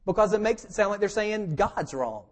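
Guy preaching, kinda high voice, chatty and jokey, gets fired up. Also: expressive, normal speed. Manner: conversational and joking, rising to emphatic. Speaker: pastor. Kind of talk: sermon.

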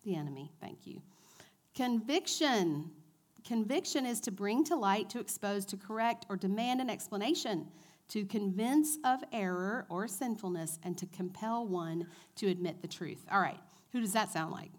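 A woman in her forties giving a church teaching talk to a women's group, chatty and animated, asking her audience questions. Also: mid-range voice, moderate pace. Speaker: women's ministry speaker.

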